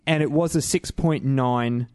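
A man's voice: mid-range voice, unhurried, darkish tone, clean tone, no echo, studio quality. A man co-hosting a podcast, chatting casually and explaining things with enthusiasm. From Australia. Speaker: podcast co-host. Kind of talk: casual chat.

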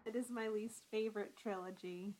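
A woman's voice: medium pitch, fairly even intonation, normal speed, darkish tone, poor audio. A woman co-hosting a casual book podcast with a dry, joking manner. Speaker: podcast co-host. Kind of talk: casual book-club chat.

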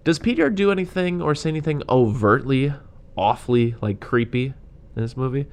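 A man's voice: medium pitch, lively intonation, brisk. A man co-hosting a casual movie podcast, talking loosely with lots of fillers and asides. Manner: loose and rambling, lots of "like" and "yeah". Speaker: podcast co-host. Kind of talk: casual movie review chat.

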